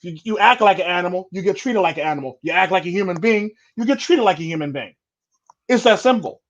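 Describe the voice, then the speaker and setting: Fast, high-voiced man ranting bluntly. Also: expressive, highs cut off. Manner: blunt, rambling, repeats set phrases. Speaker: podcast host. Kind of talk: casual chat.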